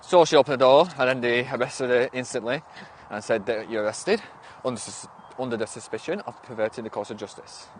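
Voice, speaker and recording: On a casual phone livestream, a young man with a Northern English accent from Northwest England reads and answers comments at a fairly quick pace. His medium-pitched voice rambles with lots of restarts, occasional swearing, and snappy replies to viewers, with slight background noise.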